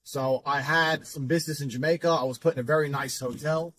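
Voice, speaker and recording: A man's voice: on the high side, steady tone, fairly quick, a bit bright, a little hiss or hum. A man telling a story in a casual, profane and boastful way.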